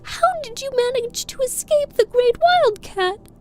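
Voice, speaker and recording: A woman voicing a chorus of frantic little field mice in a shrill, breathless way in a storybook reading. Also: lively intonation, unhurried, soft background music. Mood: anxious. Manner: breathless, worried.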